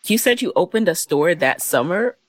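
Brief: woman host, lowish voice, easygoing questions, dry close sound. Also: expressive, no room sound. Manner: conversational, quick to laugh, short follow-up questions. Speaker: podcast host. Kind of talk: casual interview.

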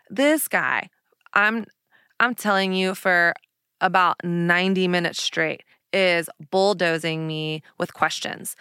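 A woman hosts her own podcast and tells a personal story in a candid, lively way, full of casual fillers. Her voice sits a little low, and the close mic sound is dry. Her delivery is relaxed and conversational. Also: slow, smooth, no echo. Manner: candid, animated retelling with laughs and fillers. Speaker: podcast host.

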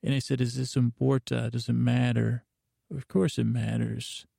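A man hosting a sleep podcast, telling a meandering bedtime story slowly and dropping in Spanish words that he translates. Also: medium pitch, flat delivery, creaky, warm tone, slightly rough, no room sound, clean studio sound.

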